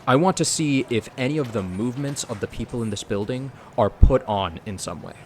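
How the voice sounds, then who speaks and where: A man playing a polite businessman character in a tabletop game, measured and formal, laughing often. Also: medium pitch, darkish tone, slight background noise. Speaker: player.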